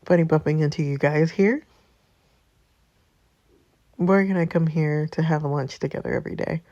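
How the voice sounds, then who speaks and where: A woman's voice: deep voice, moderate pace, warm tone, no echo, lo-fi sound, close to an everyday voice. A woman reading the lines of a sly, pushy young woman in a story game.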